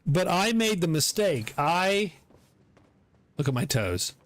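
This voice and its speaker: A middle-aged man giving live commentary on his gameplay, excitable, swearing and laughing often. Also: high-pitched, slow. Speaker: game streamer.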